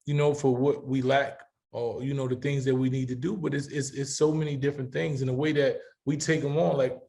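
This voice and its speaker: A man's voice: medium pitch, little pitch movement, fairly quick, vocal fry, dark tone. A middle-aged man hosting a panel discussion, talking with passion and emphasis and repeating words as he builds his point. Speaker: talk show host.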